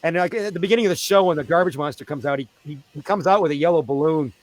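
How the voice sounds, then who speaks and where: A man, a street theatre performer, telling animated stories in a casual interview over a video call. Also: rapid-fire, dry recording. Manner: animated, acts out quoted voices in a high pitch.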